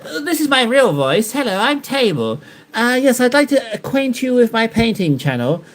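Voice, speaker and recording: A man putting on a posh, pompous aristocrat's voice, with an affected drawl and drawn-out yeses. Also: extremely high pitch, sing-song, voice pushed up.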